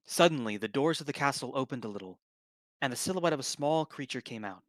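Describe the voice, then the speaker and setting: A man's voice: mid-range voice, animated, quick pace, fairly bright tone, dry recording. A man reading a story aloud on a live stream, casually breaking off to comment. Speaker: story reader, stream host.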